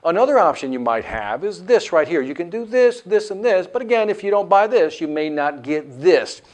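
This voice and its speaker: Animated man teaching sales technique. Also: sits high, moderate pace. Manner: animated, acts out customer lines. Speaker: sales instructor. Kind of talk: instructional lecture.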